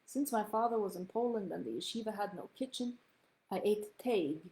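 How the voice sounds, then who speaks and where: A woman's voice: mid-range voice, normal speed, mellow, poor audio. Woman, memoir reading, storytelling tone, explains Yiddish and Hebrew words, mid-range voice. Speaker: reader of her grandfather's memoir.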